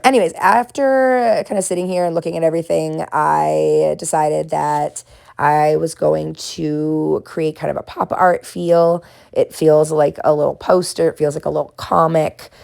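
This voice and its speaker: A woman with a faint Boston accent talks through her painting in a low, mellow, gravelly voice. She reflects gently and encourages her viewers, and laughs at herself now and then. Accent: faint Boston, mostly smoothed out. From Boston area. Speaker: art vlogger and therapist. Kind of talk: casual reflective talk while painting.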